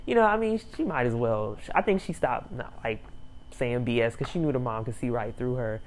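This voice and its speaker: A woman's voice: a bass voice, lively intonation, brisk. A young woman reviewing a reality show in a rambling, casual way, laughing often and using many fillers.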